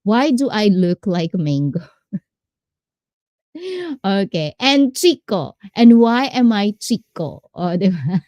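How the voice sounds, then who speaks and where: A woman's voice: mid-range voice, warm tone, dry recording. Filipino woman hosting a live chat. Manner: switches between English and Tagalog, reads chat aloud, laughs often. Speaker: livestream host, personal trainer. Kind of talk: casual livestream chat.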